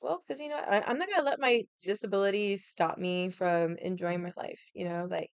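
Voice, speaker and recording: A woman's voice: mid-range voice, brisk, smooth, dry recording. A woman telling a story in casual chat, blunt and profane, rambling with lots of "like". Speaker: vlogger.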